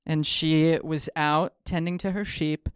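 A man's voice: a little high, level tone, a little slow, smooth, no echo, clean studio sound. A man hosting a podcast, telling a story in a playful, joking way with lots of ums and asides. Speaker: podcast host.

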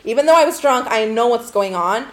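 A woman's voice: on the high side, animated, a little fast. A young adult woman telling a story to camera in a casual storytime style, swearing a lot and saying "like" constantly. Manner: profane, rambling, heavy use of "like".

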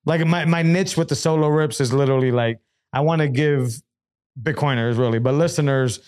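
A man in a casual podcast conversation, candid and animated as he tells his own story. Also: on the high side, brisk, no echo, studio quality. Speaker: podcast host and guest.

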